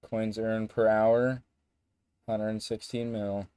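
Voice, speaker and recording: A man's voice: on the low side, flat delivery, takes it slowly, mellow, clear, resonant tone, no echo. A young man telling a story in a casual vlog, rambling and joking, with some swearing. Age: young adult. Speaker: vlogger.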